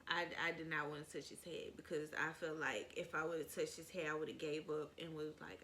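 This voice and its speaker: A woman's voice: low voice, little pitch movement, moderate pace, few pauses, fairly bright tone, a little hiss or hum. A young woman vlogger telling a casual, rambling story, with many "like"s.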